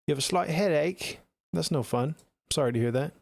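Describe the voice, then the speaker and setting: A man's voice: a little high, a little fast, vocal fry, no echo. A man streaming live as a music producer, chatting casually and answering his viewers' messages by name. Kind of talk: casual livestream chat.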